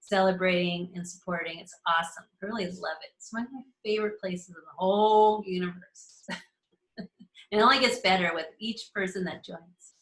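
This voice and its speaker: A woman's voice: lowish voice, moderate pace, a bit bright. Cheerful woman hosting in an echoey room. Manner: enthusiastic, laughs often, addresses members by name. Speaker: host of an astrology community call. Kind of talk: casual live teaching chat. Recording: roomy echo.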